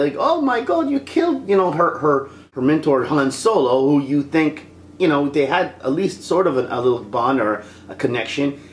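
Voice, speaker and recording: A film reviewer ranting in an exasperated, animated way, acting out scenes as they go. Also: mid-range voice, echoey room, slight background noise.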